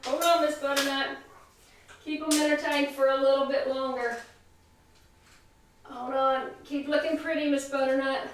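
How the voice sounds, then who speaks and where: A woman's voice: high-pitched, level tone, moderate pace, long pauses, reverberant, slight background noise. A woman hosting a casual cooking vlog, gushing and sing-song as she talks to viewers from her home kitchen. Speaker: cooking show host.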